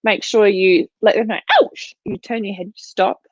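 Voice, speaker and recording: A woman dog trainer chats through a live Q&A from home, offering practical advice with plenty of fillers. Her medium-pitched voice has a darkish tone, fairly even intonation and a normal pace. She's captured on a livestream mic, and the recording sounds dull, lo-fi and dry.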